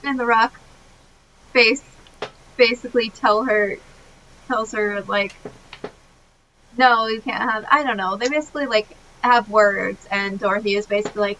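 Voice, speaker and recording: A woman's voice: on the high side, normal speed, long pauses, muffled recording, slight background noise. A woman co-hosting a podcast, retelling a film scene by scene in casual chat with lots of fillers and laughs. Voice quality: animated, many fillers, laughs often. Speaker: podcast co-host.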